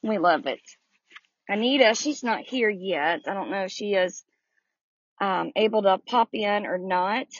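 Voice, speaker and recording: Outdoors in the sun, a woman hosts a Bible study in a friendly, chatty tone, greeting listeners by name. Her mid-range voice is unhurried and slightly rough. The audio is dry and close with no room sound, slightly muffled and lo-fi.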